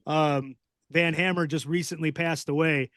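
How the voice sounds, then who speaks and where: A man's voice: a little high, normal speed, no room sound, clean studio sound. A man hosting a podcast, telling stories in casual chat and acting out quoted voices with gusto. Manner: animated storyteller, acts out quoted voices loudly. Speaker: podcast host.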